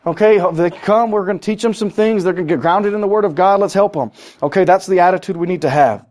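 A man preaching a sermon as pastor, emphatic, rising and getting louder for effect, then dropping low and slow on key points.

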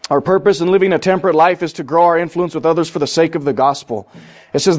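A man with a high voice preaches a sermon to his church. He is emphatic, climbing up and getting louder when he scolds, then slowing down and dropping low to drive his point home. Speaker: pastor.

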